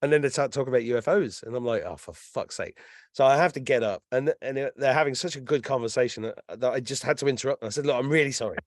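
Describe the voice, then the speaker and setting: An English man in his fifties, telling stories in a casual chat as a guest, animated and swearing freely. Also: medium pitch, rapid-fire, hardly any pauses, dry recording, studio quality. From England. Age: 50s. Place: lives in Ireland.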